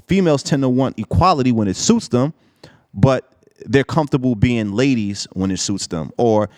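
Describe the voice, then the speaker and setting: A man's voice: medium pitch, no room sound, studio quality. A man co-hosting a casual discussion, making his case assertively with rhetorical questions.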